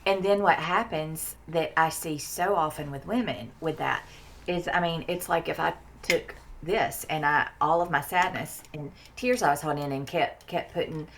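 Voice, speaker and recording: Low-voiced blunt Southern American woman. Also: normal speed, a bit bright, a little hiss or hum. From Mississippi, US Deep South. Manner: blunt and frank, swears for emphasis. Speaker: guest. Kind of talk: candid conversation about inner child therapy.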